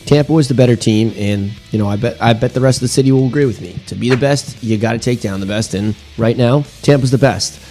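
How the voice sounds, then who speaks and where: Male blogger guest, gravelly and dark, deadpan delivery. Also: medium pitch, fast, few pauses, soft background music. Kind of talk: sports prediction segment.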